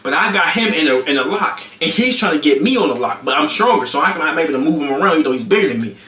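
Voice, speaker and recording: Excitable young man telling a wild story. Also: on the high side, rapid-fire, echoey room. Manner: excitable, acts out the scene with sound effects. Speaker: streamer. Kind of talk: animated storytelling on a livestream.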